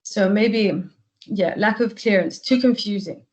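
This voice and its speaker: A woman's voice: medium pitch, unhurried, a little mellow, rough recording. A woman giving spoken feedback on a role-play, weighing what went well against the mistakes. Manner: analytical, weighs strengths and mistakes. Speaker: workshop participant giving feedback.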